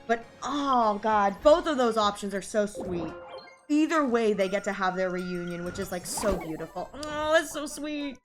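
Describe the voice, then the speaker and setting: A woman's voice: mid-range voice, lively intonation, moderate pace, music in the background. A woman streaming a video game, teary and sniffly from crying, gushing over and over about how sweet the story is. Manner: gushing, effusive, repeats "so sweet". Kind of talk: live game commentary, reading dialogue aloud.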